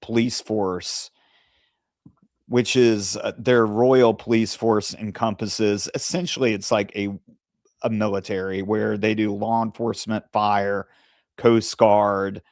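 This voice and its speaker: A man co-hosting a casual discussion, speaking in a measured, careful way with pauses and fillers. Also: lowish voice, flat delivery, a little mellow, no echo, studio quality. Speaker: co-host.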